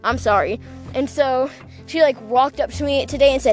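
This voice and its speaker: Awkward chatty girl on her podcast, laughing at herself, kinda high voice. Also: fairly quick, soft background music. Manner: rambling, gossipy storytelling with frequent laughs; self-deprecating and awkward. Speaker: podcast host. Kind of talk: casual solo podcast monologue.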